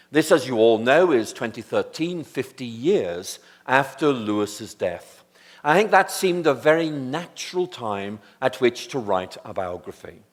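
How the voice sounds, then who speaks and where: British man lecturing in a reverberant hall. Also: medium pitch. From Northern Ireland. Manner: wry, lightly humorous, measured. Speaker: guest lecturer. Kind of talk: public lecture.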